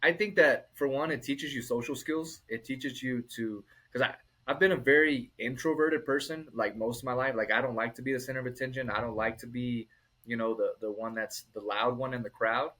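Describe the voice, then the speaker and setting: A man's voice: mid-range voice, fairly quick, poor audio. A middle-aged man, a restaurant owner, telling stories in a casual interview and acting out the people he quotes. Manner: animated, acts out quoted people.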